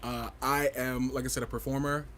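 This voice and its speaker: A man in a mid-range voice hosts a casual livestream chat. He is campy and playful, swooping up and down in pitch. He is sassy and outspoken, with a faint hum of noise behind him. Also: little pitch movement, fairly quick, a bit bright. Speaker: livestream host of a fashion review show.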